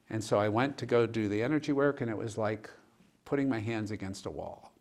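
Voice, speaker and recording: A man's voice: on the low side, brisk, darkish tone. Conversational man telling a story. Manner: conversational, retells dialogue with "and she goes". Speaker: pastor. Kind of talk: personal storytelling in a panel discussion. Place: church.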